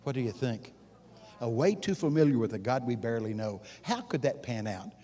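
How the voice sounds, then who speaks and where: A man preaching at a conference, folksy and animated, swinging from hushed asides to loud exclamations and asking the audience questions. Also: medium pitch, brisk. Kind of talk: conference sermon. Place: live conference session before an audience.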